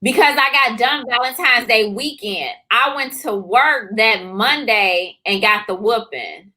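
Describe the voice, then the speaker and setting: A woman co-hosting a casual chat, telling a personal story in a lively way, full of fillers and acted-out voices. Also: on the high side, unhurried, rough recording. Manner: animated, acts out voices, many fillers. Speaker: co-author and co-host.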